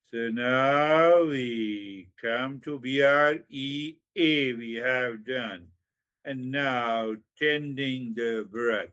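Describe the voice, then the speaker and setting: Slow-talking guy teaching meditation, repeats himself, stretches words out, kinda muffled dull recording. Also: medium pitch, a bit bright. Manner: slow and repetitive, with drawn-out phrases and sudden emphatic rises. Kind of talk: spiritual talk.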